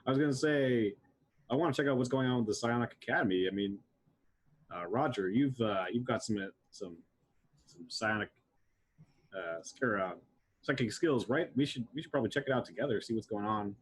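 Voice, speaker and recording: A man's voice: mid-range voice, brisk, breathy edge. A man playing in a tabletop role-playing game, talking in a rambling, hesitant way with many restarts. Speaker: player. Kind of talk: casual tabletop play.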